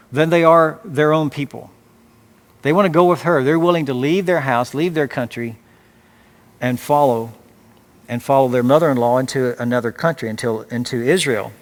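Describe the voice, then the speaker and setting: Pastor with a slightly high voice. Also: male voice. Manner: reads scripture aloud then explains it phrase by phrase; measured, with frequent restarts and repeated words. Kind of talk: expository sermon.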